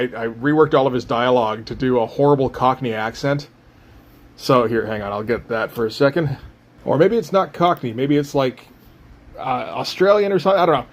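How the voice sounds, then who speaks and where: A man talking casually about his comic art as he draws, rambling and self-mocking with frequent chuckles. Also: medium pitch. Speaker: comic artist. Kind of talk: casual drawing commentary.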